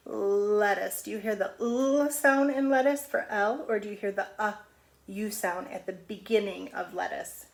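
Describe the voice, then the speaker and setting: Woman teacher sounding out letters slowly. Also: medium pitch, creaky. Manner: slow, drawn-out sounding of letters. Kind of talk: phonics lesson on video. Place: home. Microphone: camera on video.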